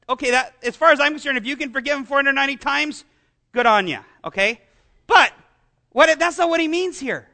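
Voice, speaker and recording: A man's voice: very high-pitched, pushed and bright. A man preaching a sermon as pastor, asking the congregation rhetorical questions and making self-deprecating asides.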